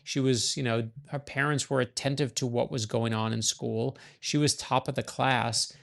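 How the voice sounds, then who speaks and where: A middle-aged man from New York, an author guest, telling stories in a quick, animated way and acting out the voices of people he quotes. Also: mid-range voice, creaky. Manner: animated, fast-talking storyteller, acts out quoted lines. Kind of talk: conversational storytelling.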